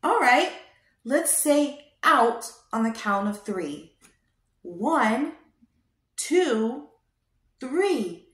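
A young woman hosting a toddler show, talking in a slow, exaggerated sing-song way to teach small children. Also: high voice, very animated, a bit bright. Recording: roomy echo.

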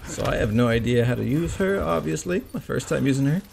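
A man giving casual commentary on his own gameplay, swearing often and breaking into excited yelps and groans. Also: medium pitch, brisk, creaky, background noise.

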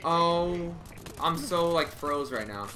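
A young man giving live commentary on his own gameplay, muttering callouts and bursting into frustrated yells. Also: fairly high pitch, takes it slowly. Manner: excitable, swings from muttering to yelling in frustration. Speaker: gamer streamer.

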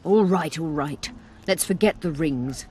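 An actor playing a learned male healer mage who talks in a formal, measured, explanatory way in a fantasy video game. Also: fairly high pitch, a little mellow, faint music behind, lightly acted.

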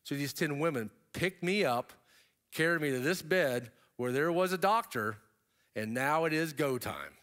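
A middle-aged man giving a keynote talk, telling a story in a lively way and turning to the audience with casual asides. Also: normal speed. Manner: animated storyteller, pitch jumping up for emphasis. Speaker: keynote speaker. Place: stage before an audience.

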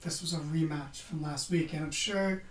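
A man's voice: a little high, fairly even intonation, moderate pace, a little hiss or hum. A man hosting a podcast, giving a casual, sarcastic wrestling recap and swearing freely. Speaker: podcast host. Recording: roomy, distant from the mic.

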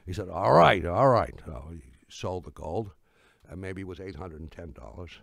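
An older man giving a talk, telling anecdotes with wry humor and frequent halting restarts. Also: deep voice, mellow, no room sound, studio quality.

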